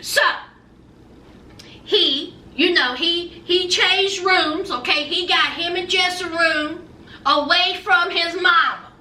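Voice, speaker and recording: A woman recaps reality TV in a sassy, animated chat, addressing her viewers directly. Her voice is high and very bright. She sits a little back from the mic in an echoey room with a faint hum of background noise. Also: slow pace, recorded from a distance. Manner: sassy, animated storytelling, calls the viewer "child" and "honey". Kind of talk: casual chatty recap.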